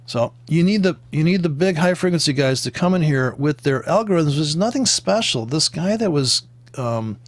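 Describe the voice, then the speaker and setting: A man's voice: on the high side, expressive, moderate pace, dry recording. Rambling, profane male trading streamer. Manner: profane, joking, tangent-prone, with laughs and sound imitations. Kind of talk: rambling casual commentary over trading charts.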